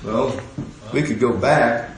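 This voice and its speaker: A man's voice: mid-range voice, slow pace, heavy reverb, a crowd in the background, voice pushed down, close to an everyday voice, rough recording. A man voicing a frightened, grumbling Israelite who mutters complaints about his leader. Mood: resentful. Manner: muttering, resentful.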